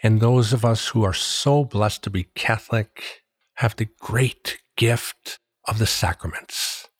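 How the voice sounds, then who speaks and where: Slow, husky man preaching earnestly. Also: lowish voice, no echo, studio quality. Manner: measured, earnest, reads scripture aloud. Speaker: Catholic preacher. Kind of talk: slow devotional reflection.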